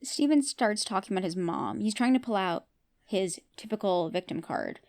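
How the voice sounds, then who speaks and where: A woman's voice: mid-range voice, lively intonation, normal speed, darkish tone. A woman with a voice of ordinary height hosts a podcast and recaps a TV episode scene by scene. She talks in a casual, chatty way and gives her opinion freely. She often turns to her listeners with questions. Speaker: podcast host.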